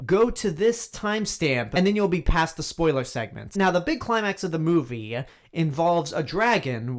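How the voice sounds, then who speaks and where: A fairly high-voiced man talks straight into the mic through a movie review. He is blunt and plainly exasperated, and he hammers his points home by repeating them. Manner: blunt and exasperated, emphatic repetition. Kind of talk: opinionated film review monologue.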